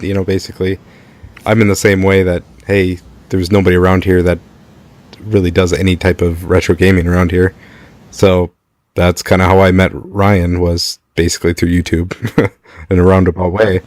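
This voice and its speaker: Deep-voiced man hosting a podcast. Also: little pitch movement, moderate pace. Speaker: podcast host. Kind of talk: casual podcast interview.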